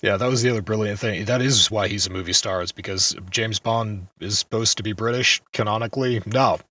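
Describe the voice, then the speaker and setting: A man co-hosting a casual gaming podcast, chatty and quick to laugh. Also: fairly low pitch, pushed and bright, dry recording, distant mic. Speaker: podcast co-host. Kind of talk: casual chat.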